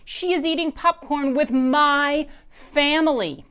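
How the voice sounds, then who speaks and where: A woman voicing a dramatic, bossy young girl in a children's story, speaking high and loud. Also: lively intonation, moderate pace, close to an everyday voice. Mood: insistent.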